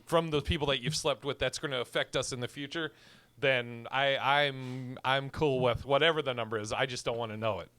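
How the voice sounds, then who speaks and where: A man's voice: mid-range voice, fairly even intonation, fairly quick, pushed and bright, no echo. A man co-hosting a podcast, chatting casually, swearing freely and acting out little scenes with laughs. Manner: swearing, laughing, acts out voices in anecdotes. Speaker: podcast co-host. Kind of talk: casual chat.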